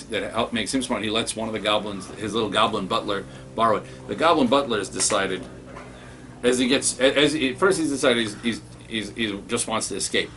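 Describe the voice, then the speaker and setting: A man with a lowish voice reviews comics casually, excitable and rambling, often restarting his sentences. Background noise can be heard.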